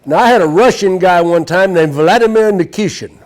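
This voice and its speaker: A man's voice: high voice, brisk. A man teaching a live sales seminar to an audience, brash and profane as he tells stories. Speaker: sales trainer.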